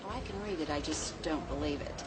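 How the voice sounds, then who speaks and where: An actress playing a skeptical casino cashier in a TV drama. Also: female voice, deep voice, a little fast, very noisy, lightly acted. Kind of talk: TV drama acting.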